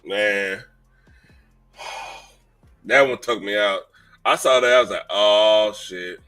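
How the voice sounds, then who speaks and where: A man's voice: on the low side, slow pace, bright, forceful tone, faint music behind. A man hosting a live-stream fight watch party, chatting casually and profanely, laughing often.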